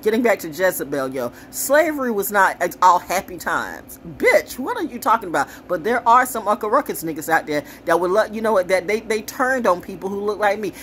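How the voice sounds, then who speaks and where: Animated, sassy woman with a lively voice. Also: medium pitch, fairly quick, few pauses, slight background noise. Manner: animated, tangential, profane and sassy. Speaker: commentator. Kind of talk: casual monologue to camera.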